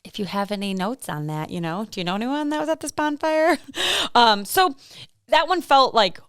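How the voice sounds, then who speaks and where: A woman's voice: on the high side, very animated, moderate pace, fairly bright tone, clean tone, no echo, studio quality. A woman, co-hosting a podcast and telling true-crime stories in a rambling, chatty way with frequent laughs and fillers. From American Midwest. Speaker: podcast co-host. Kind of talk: casual true-crime chat.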